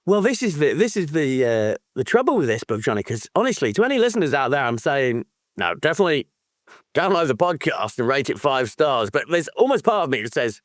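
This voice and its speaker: Male co-host, lively and excitable, pitch swinging widely, dry close-miked sound. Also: a little fast, dry recording. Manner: animated and excitable, swears freely, laughs often. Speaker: podcast co-host. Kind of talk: casual book-club chat.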